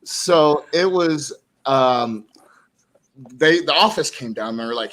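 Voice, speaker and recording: A middle-aged male podcast co-host tells wrestling stories in an animated way and plays every part. His voice sits a little high and swoops up and down a lot. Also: slow pace. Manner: animated storyteller who acts out dialogue. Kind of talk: casual podcast storytelling.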